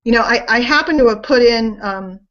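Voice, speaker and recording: A middle-aged woman with a high voice hosts a casual sales webinar. She chats and rambles, making fun of herself as she goes. The sound is slightly dull and lo-fi, as if it comes through a webcam. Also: a little fast, fairly bright tone. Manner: chatty, rambling and self-deprecating. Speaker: webinar host.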